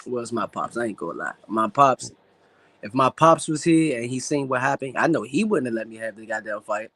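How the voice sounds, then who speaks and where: A man's voice at a middle pitch, recorded close and dry with no room sound. He is a boxer sitting as a guest and tells personal stories candidly, swearing freely, with emotion whenever his late father comes up. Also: animated, fairly quick, pushed and bright, no room sound. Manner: candid, profane storytelling. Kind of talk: casual interview talk.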